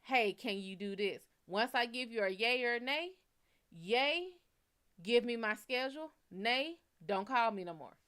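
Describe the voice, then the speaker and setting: A woman's voice: on the high side, expressive, measured pace, a bit bright, clean tone. A woman hosting a show, telling a story in a blunt, profane and heated way. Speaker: psychic reader and show host. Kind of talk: casual storytelling.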